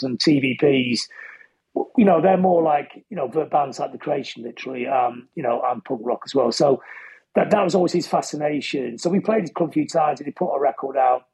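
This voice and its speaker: A man's voice: mid-range voice, darkish tone, breathy edge, rough recording. A middle-aged man telling rambling anecdotes as an interview guest, chatty and full of restarts. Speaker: interview guest, musician and author. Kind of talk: casual storytelling interview.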